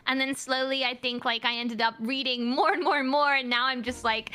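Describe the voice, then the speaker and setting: A woman's voice: high voice, steady tone, brisk, pushed and bright, clear, resonant tone. A British woman chatting casually as a guest, talking freely with many fillers and frequent laughter. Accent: British, softened. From Britain. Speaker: guest singer. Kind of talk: casual chat.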